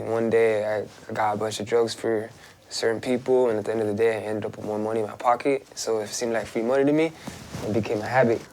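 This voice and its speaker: A man's voice: fairly low pitch, darkish tone. A young man talking casually and swearing freely while walking outdoors. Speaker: interviewee. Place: outdoors on a street.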